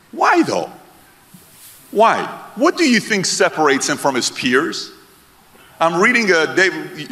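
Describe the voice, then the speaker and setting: A man's voice: medium pitch, fairly bright tone. A man giving a motivational stage talk, punchy and constantly firing questions at his audience. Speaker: seminar speaker. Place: stage in a large hall with an audience. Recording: long hall reverb.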